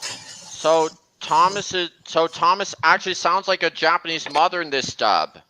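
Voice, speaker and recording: A man's voice: a little high, measured pace, bright, forceful tone, a little hiss or hum. A man hosting a casual livestream chat while playing a game, talking over his friends. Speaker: streamer hosting a gameplay chat.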